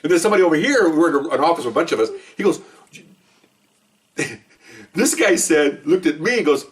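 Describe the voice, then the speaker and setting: A middle-aged man tells a story at a quick clip in a fairly high voice, acting out each side of the conversation and breaking into laughter. He sounds a bit far from the mic. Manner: animated, acts out both sides of phone calls, laughs often. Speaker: podcast co-host, retired cop. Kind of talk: casual storytelling.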